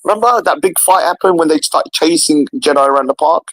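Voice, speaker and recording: A man in casual political chat, animated and repetitive, often acting out others in a higher voice. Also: fairly quick, dry recording, low-quality recording. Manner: animated, repeats himself, mimics others in a higher voice. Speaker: podcast co-host.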